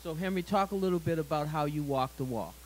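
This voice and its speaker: A man's voice: a little high, fast talker, a little hiss or hum, rough recording. A man hosting a live community panel, enthusiastic and encouraging toward his guests. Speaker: host.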